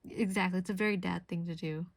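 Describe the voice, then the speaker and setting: A woman's voice: fairly low pitch, fairly even intonation, fast, vocal fry, dry recording. A young woman streamer chatting casually and rambling while she crafts, answering her chat.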